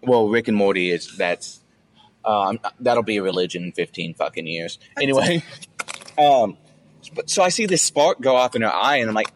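A young man on a casual podcast, swearing a lot and joking as he tells stories, now and then jumping up high to act out other people. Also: animated, normal speed, a little hiss or hum. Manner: profane, jokey storytelling with loud high-pitched bits when he acts out others. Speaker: podcast co-host.

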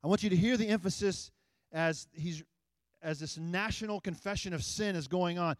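A man with a high voice preaching to his church, moving from easy, chatty asides to strong, emphatic reading of scripture. His voice is close and dry, with little room sound. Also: moderate pace, no room sound. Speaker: pastor. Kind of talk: sermon. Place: church sanctuary.

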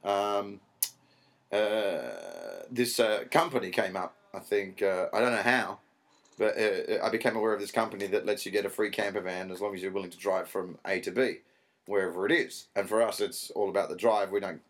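Lower-voiced man telling a story. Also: normal speed. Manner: rambling, animated, swears freely, acts out quotes. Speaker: stand-up comedian guest. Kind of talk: casual storytelling interview.

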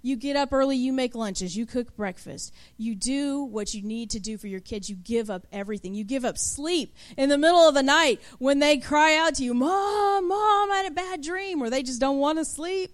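High-voiced woman preaching casually. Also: moderate pace, few pauses. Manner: conversational, acts out kids and mothers in asides. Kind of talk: sermon.

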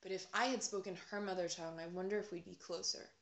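A woman's voice: on the low side, steady tone, quick pace, a bit bright. A woman from the United States in casual chat, talking reflectively with many fillers and restarts. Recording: roomy echo.

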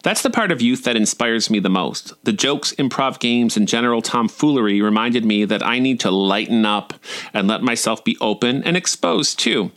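A man's voice: mid-range voice, expressive, normal speed, fairly bright tone. A man in his forties reading his own humorous personal essays in a wry, irreverent, playfully profane way. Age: 40s.

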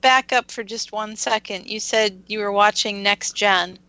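A woman co-hosting a podcast in casual chat, quick to question and clarify. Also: medium pitch, fairly even intonation, bright, forceful tone, rough recording. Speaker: podcast co-host.

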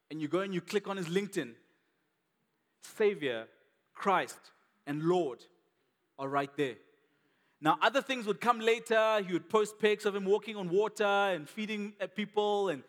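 A man's voice: a little high, big-room sound. A man preaching a sermon as a pastor, conversational and emphatic, repeating key words for weight.

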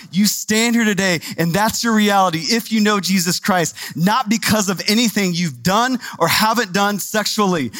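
High-voiced pastor preaching, dry sound. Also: male voice, fairly bright tone, no echo. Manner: conversational, emphatic, repeats words for stress. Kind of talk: sermon.

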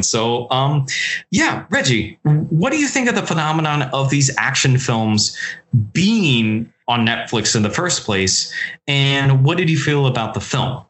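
A man hosting a casual podcast chat about films, enthusiastic and freely swearing. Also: mid-range voice. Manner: lively, profane, enthusiastic. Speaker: podcast host.

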